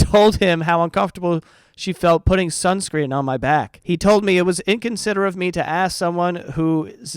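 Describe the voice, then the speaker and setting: A young man with a New York accent hosts a comedy podcast while feeling sick, reading out posts and answering them with sarcastic, profane outbursts. His voice sits a little high and sounds smooth and clear. The recording is close and dry, with no room sound. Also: no room sound. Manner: profane, animated, sarcastic reactions. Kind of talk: reading and reacting to online posts.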